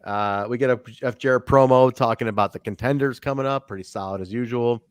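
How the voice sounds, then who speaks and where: A man's voice: medium pitch, fairly quick, clear, resonant tone, no room sound, clean studio sound. A man hosting a podcast, chatting casually and joking, with plenty of swearing. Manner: laid-back, joking, swears freely. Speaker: podcast host. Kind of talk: casual review chat.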